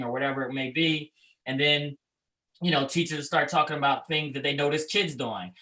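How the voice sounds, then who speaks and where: A man's voice: a little high, normal speed, pushed and bright, rough recording. A man who leads a school, a guest in a casual leadership chat over a video call, explaining his points through examples in a conversational way. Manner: conversational, many fillers and restarts, explains with examples.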